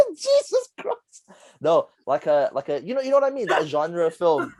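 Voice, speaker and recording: Animated young man, dry mic. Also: fairly high pitch, moderate pace, no echo. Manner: animated, rambling storytelling with frequent laughter. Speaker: podcast co-host. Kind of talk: casual chat.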